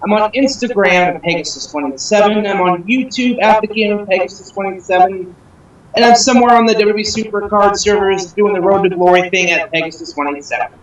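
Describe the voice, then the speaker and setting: A man co-hosting a podcast, briskly listing his social media handles. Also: high-pitched. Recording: echoey, distant, dull audio.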